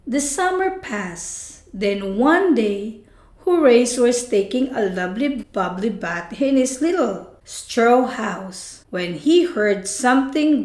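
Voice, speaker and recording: A woman reading a children's story aloud in an expressive, sing-song way. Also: fairly high pitch. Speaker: storybook reader. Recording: echoey room.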